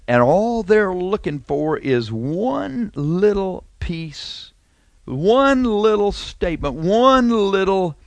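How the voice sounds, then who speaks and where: A man's voice: medium pitch, dry recording. A man preaching a sermon in a conversational way, asking rhetorical questions and making wry asides.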